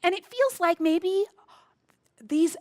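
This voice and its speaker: A woman's voice: very high-pitched, expressive, takes it slowly. A woman pastor giving a conversational sermon in a church, telling a story in a relatable way.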